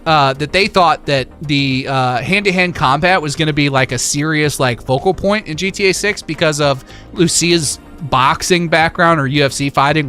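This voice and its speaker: A man hosting a casual livestream, reading chat and reacting in an animated, hype-driven way with lots of filler words. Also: on the high side. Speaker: livestream host.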